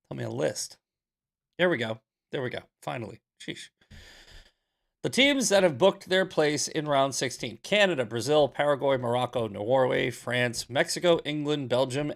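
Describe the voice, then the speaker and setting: A young adult man hosting a casual commentary show, blunt and sarcastic, telling stories in an animated way. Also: mid-range voice, creaky. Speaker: podcast host. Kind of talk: casual commentary, reading questions.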